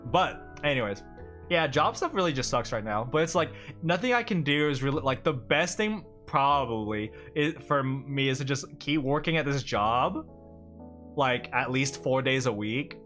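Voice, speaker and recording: A man's voice: mid-range voice, lively intonation, normal speed, a bit bright, faint music behind. A man chatting casually on a livestream as a streamer, rambling and talking a lot, often laughing between thoughts.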